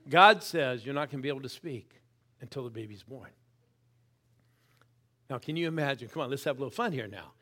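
A middle-aged man preaching a sermon, swinging from loud calls to quiet, intense asides and pushing the crowd to answer back. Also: medium pitch, lively intonation, a little fast, long pauses. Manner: urges the crowd to respond. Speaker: guest preacher.

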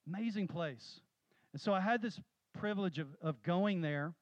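A man preaching a sermon, telling stories with animated, rising emphasis. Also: high voice, normal speed, dry recording, lo-fi sound. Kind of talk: sermon with storytelling.

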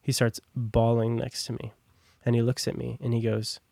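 A man's voice: mid-range voice, monotone, moderate pace, gravelly, warm tone, dry recording. Young man rambling through a casual testimony. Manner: casual, rambling, heavy on "like" and "long story short". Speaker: podcast guest. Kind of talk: personal testimony storytelling.

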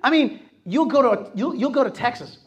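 A man talks as host of a radio show, telling stories with energy and acting out other people's lines. His voice sits fairly high for a man. He is middle-aged and casual. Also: normal speed, highs cut off. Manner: animated storytelling, acts out quotes.

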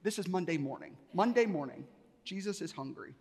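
Man, pastor, sermon, high voice, animated storyteller, long hall reverb. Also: brisk, husky. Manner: animated storytelling, acts out dialogue with rising pitch and volume. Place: church sanctuary.

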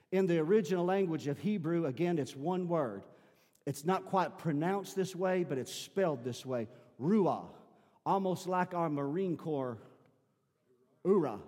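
A male pastor preaching a sermon, building from quiet, conversational teaching to loud, fervent shouting. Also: on the high side, in a large hall.

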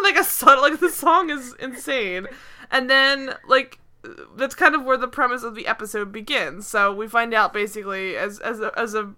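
Animated, laughing young woman, bright voice. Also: high-pitched, fairly quick. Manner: animated, laughing, exasperated, many fillers. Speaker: podcast co-host. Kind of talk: casual chat recapping a TV episode.

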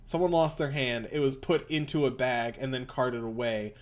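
A man's voice: mid-range voice, normal speed. A man reading through a comic aloud in casual, bemused chat. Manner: bemused, rambling.

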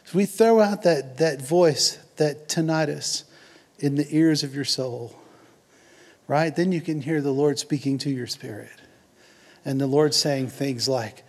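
A man's voice: a little high, moderate pace, a little mellow. A man preaching a sermon in an earnest, conversational way, with jokes and asides to the congregation. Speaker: pastor.

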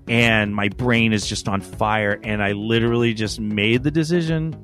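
A man's voice: medium pitch, normal speed, a bit bright, faint music behind. A man hosting a podcast, telling a rambling, profane story in a casual chat. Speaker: podcast host.

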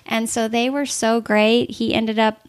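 A woman guest on a podcast, telling animated, conversational stories with lots of "like" fillers. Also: a little high, unhurried, dry recording, clean studio sound. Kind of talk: conversational storytelling.

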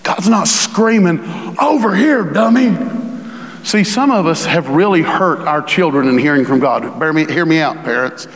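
A man preaching a sermon, swinging from hushed tones to booming scripture reading. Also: moderate pace, few pauses, long reverb tail. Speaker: pastor.

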